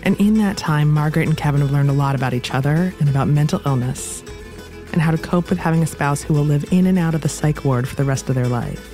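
A woman narrating a podcast in a measured, wry scripted style. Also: deep voice, warm tone, soft background music.

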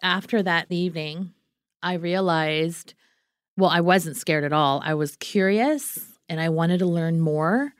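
A woman's voice: on the low side, unhurried, no room sound, studio quality. A woman guest telling, in an earnest reflective way, how she met and married her husband. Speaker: interview guest, wife. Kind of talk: reflective storytelling.

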